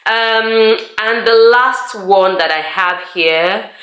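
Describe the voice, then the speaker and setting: A young woman from Nigeria chatting casually to camera in a vlog, animated and acting out conversations she recalls. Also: mid-range voice, slow pace, reverberant. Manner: chatty, animated, acts out quoted exchanges. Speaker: vlogger. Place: living room of student family accommodation.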